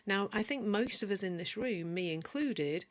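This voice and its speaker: With a medium-pitched, animated voice at normal speed, this coach from Yorkshire in northern England talks chattily through a live-streamed lesson and handles viewer comments as she goes. Her Yorkshire accent is mild, and her speech is full of restarts and self-corrections.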